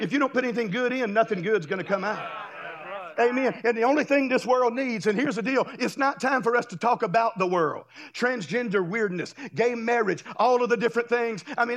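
A man from Florida, a guest pastor, preaching a fiery revival sermon in a church, shouting and folksy. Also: very high voice, gravelly. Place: church sanctuary.

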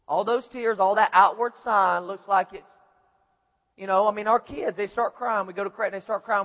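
Here a pastor speaks at a moderate pace in a high, steady voice, telling his sermon like a folksy story. He performs small scenes and voices, and the audio is lo-fi and dull with hall echo.

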